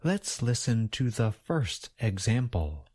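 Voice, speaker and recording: Male ESL teacher, very slow and deliberate delivery, animated pitch. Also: slightly rough, dry recording, studio quality. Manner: slow, carefully enunciated, drills sounds for repetition. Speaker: pronunciation teacher. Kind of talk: slow scripted lesson.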